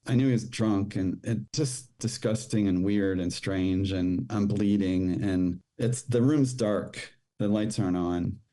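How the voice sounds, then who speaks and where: A middle-aged man, a podcast guest, telling a personal story in a rushed, halting way with many restarts. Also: sits low, warm tone.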